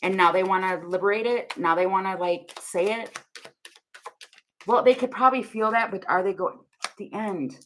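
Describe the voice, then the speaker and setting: A young woman talks casually to her camera as she reads tarot cards, thinking aloud and laughing often. She sits at a middle pitch for a woman. Faint noise runs under her voice. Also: moderate pace, a bit bright. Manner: giggly, rambling, thinks aloud with frequent laughs. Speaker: tarot reader.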